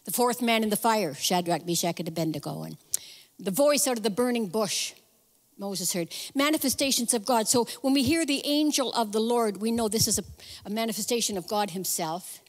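A woman giving a sermon as guest speaker, telling the story in a lively, conversational way with casual asides. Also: a little high, fairly quick, big-room sound. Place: church sanctuary.

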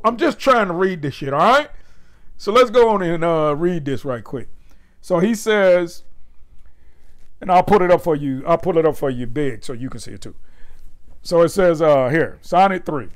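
A man hosting his own vlog, talking casually with loose, profane asides and laughing often. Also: lively intonation. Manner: loose, profane and laughing, breaks into loud high cackles; slow, careful recitation when reading the poem. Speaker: vlog host. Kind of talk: casual vlog commentary with a slow read-aloud.

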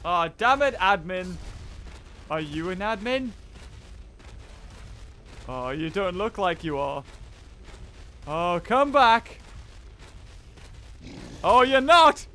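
A man hosting a gameplay video, with playful, excitable commentary, laughing and yelping at the action. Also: high voice, takes it slowly, long pauses, a little hiss or hum. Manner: playful, laughs and yelps at the game. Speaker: gaming video host.

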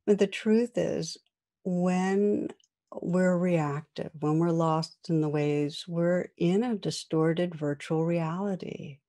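A woman meditation teacher giving a guided meditation talk, speaking slowly and gently with long pauses. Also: lowish voice.

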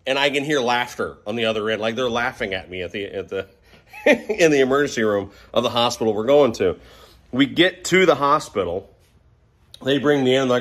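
A man's voice: mid-range voice, lively intonation, a little fast, a bit bright. A middle-aged man casually telling a rambling, self-mocking story about a motorcycle crash, perking up when he quotes other people. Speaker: motorcycle vlogger.

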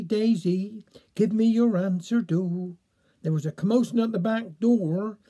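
Man, Cornish accent, dialect storyteller, high-pitched, mellow tone, folksy. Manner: folksy, playful voicing of village characters.

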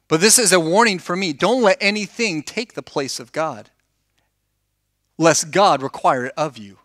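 A man's voice: a little high, no echo, studio quality. A man preaching a conversational sermon as pastor, telling stories animatedly, acting out the dialogue and asking the congregation questions. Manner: animated storytelling, acts out quoted dialogue. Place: church.

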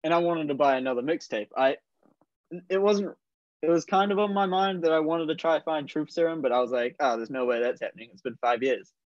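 Young kiwi guy, slightly high voice, keeps laughing thru his story, dull dry lo-fi sound. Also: fairly quick, no echo. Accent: New Zealand. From New Zealand. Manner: laughs often while telling stories. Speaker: guest snowboarder. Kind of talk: casual storytelling.

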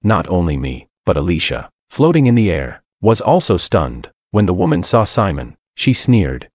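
Man, storyteller, deep voice, animated delivery, dry recording, cold dramatic narration. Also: normal speed, few pauses, dry recording. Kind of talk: first-person scripted story narration.

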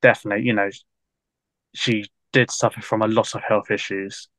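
A man's voice: on the low side, little pitch movement, moderate pace, fairly bright tone, dry recording. A man, a guest historian in a casual podcast interview, talking in a loose, rambling way full of fillers and frequent laughs.

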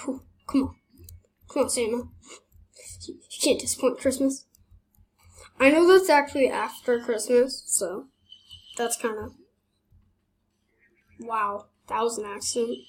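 This young woman runs a gaming channel and talks casually through her gameplay with excitable exclamations and laughter. She speaks unhurriedly in a slightly high voice, leaving long pauses.

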